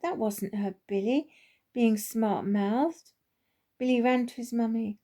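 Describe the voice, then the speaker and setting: A woman narrating a children's story aloud, gently and expressively. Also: fairly high pitch, measured pace. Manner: gentle, expressive, does voices for each character. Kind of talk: storybook narration with character voices.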